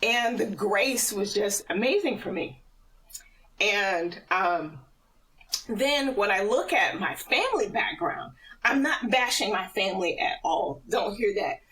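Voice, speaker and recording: A middle-aged woman telling a personal faith story as a podcast guest, animated and often laughing. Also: mid-range voice, a little slow, far from the mic, rough recording. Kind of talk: personal testimony in casual conversation.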